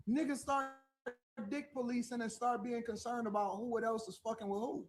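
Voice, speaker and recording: A man's voice: very high voice, steady tone, a little fast. A man hosting a livestream show in casual chat, boastful, joking and crude as he reads messages.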